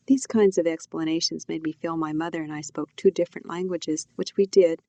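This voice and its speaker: A woman reads her novel aloud in a quiet, reflective first-person voice. Her tone is low and mellow. The sound is dry and close to the mic, with no room around it. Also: fairly even intonation, brisk, few pauses, dry recording. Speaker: author reading her novel. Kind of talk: audiobook narration.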